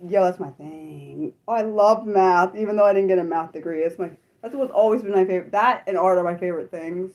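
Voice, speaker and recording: Expressive woman livestreamer, self-deprecating. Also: normal speed. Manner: expressive, swinging from laughing squeals to low mutters; self-deprecating and apologetic, with frequent swearing. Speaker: livestream host. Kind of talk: unscripted livestream chat with viewers.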